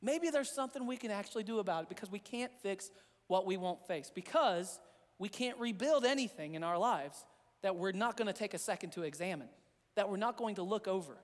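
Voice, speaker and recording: A man's voice: sits high, expressive, brisk, in a large hall. A man preaching a sermon as a pastor, earnest and repetitive in a conversational way. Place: church sanctuary.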